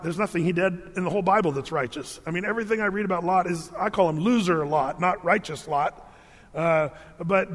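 A man preaching a sermon and reading scripture aloud, animated and humorous, briefly acting out the biblical figures in his own voice. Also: high voice, long reverb tail. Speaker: pastor.

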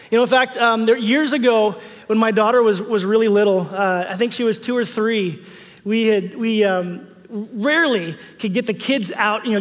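A man's voice: high voice, in a large hall. A man pastor preaching a conversational sermon in a church, repeating key phrases for emphasis.

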